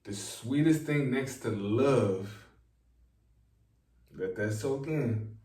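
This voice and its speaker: A man talking to his viewers in a slow, preachy, rambling monologue, repeating lines for emphasis. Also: mid-range voice, mellow, distant mic. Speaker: online self-help talker. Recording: echoey room, voice set back from the mic.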